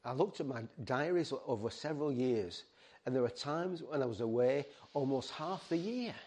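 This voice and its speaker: A man's voice: mid-range voice, expressive, a little mellow, slightly rough. Earnest man preaching a sermon. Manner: earnest, halting with restarts, pleading. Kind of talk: sermon to a ministry team.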